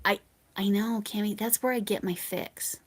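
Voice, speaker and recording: An American woman hosts a live stream in a casual, chatty way, picking up viewer comments as she goes. Her talk wanders and often sinks into soft, half-mumbled asides. She speaks at an average pitch for a woman. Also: steady tone, normal speed. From United States. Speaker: livestream host.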